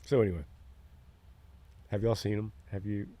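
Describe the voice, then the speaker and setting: A man's voice: on the low side, steady tone, moderate pace, mellow. A middle-aged man, talking earnestly in a casual podcast chat and acting out quoted lines as he tells a story. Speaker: podcast co-host.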